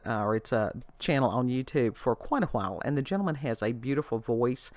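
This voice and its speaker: A woman's voice: very deep voice, no echo. A middle-aged woman with an Appalachian mountain accent, hosting a casual vlog and talking earnestly and folksily straight to her viewers. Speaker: host.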